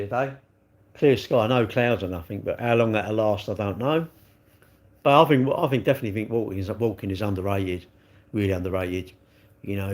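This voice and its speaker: A middle-aged man, chatting on a live stream and ranting with rhetorical questions. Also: lowish voice. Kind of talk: casual live-stream chat.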